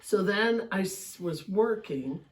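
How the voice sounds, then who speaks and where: A middle-aged woman hosting a podcast, telling stories in casual chat, animated and laughing often, her voice jumping high when excited. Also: slow. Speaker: podcast host.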